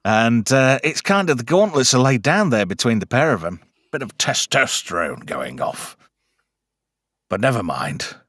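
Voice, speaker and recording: Very animated and at a moderate pace, this man hosts a casual film podcast in a medium-pitched, fairly bright voice. His talk is chatty and crude, packed with fillers. The studio sound is clean, with no room echo.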